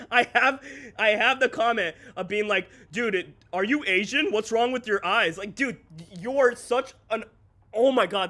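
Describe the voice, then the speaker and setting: A male streamer with a high, bright, sharp-edged voice chats loosely with his live audience. He rants candidly and swears freely, breaking into quick laughs between his points. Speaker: streamer and content creator. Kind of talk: casual livestream chat.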